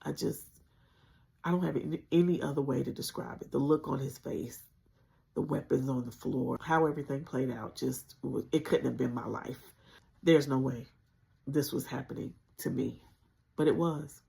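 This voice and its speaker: A woman with a gravelly, fry-tinged voice recounts a frightening chapter of her life to her livestream audience. She speaks earnestly and conversationally, and her words carry strong spiritual conviction. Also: rumbling low, moderate pace, mellow. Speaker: channel host sharing a personal story. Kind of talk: emotional personal storytelling on a livestream.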